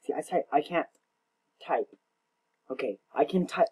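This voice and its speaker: A man's voice: on the high side, animated, measured pace, darkish tone, breathy edge. A young man casually commenting on his own gameplay, rambling, self-mocking and often tongue-tied. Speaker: gaming channel host.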